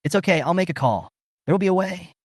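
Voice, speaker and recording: A man's voice: high voice, fast, a little mellow, no room sound, studio quality, pitched above the performer's own voice. A man voicing an anxious, determined young woman reporter who pleads and hurries through her words. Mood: reassuring.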